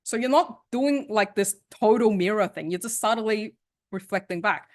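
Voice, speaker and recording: A woman's voice: mid-range voice, moderate pace. A woman coach teaching an interactive online workshop, talking casually, often checking in with "right?" and laughing, heard over a video call. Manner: animated, conversational, often asks "right?" and laughs. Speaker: sales and communication coach.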